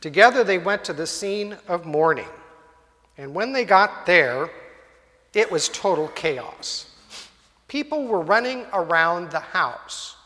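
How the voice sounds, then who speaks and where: A man's voice: high-pitched, a bit bright. A male preacher telling a story in a sermon, vivid and dramatic, in a church hall. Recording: long hall reverb.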